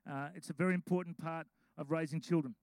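A man, a pastor preaching a sermon, mixing slow scripture reading with chatty storytelling. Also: a little high, fairly even intonation, clean tone, dry recording, rough recording. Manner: reads scripture slowly.

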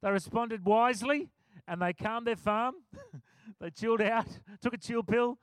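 A middle-aged man preaching a sermon, telling stories in a relaxed conversational way and laughing often. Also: extremely high pitch, unhurried, no echo. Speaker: pastor.

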